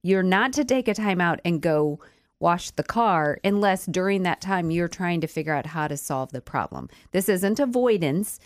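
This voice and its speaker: A woman co-hosts a Christian marriage radio show with a low voice that a cold has made husky. She talks through ideas calmly and conversationally. Her voice sounds close and dry in the studio. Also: moderate pace, dry recording. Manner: conversational, calm and reasoned. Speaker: radio co-host.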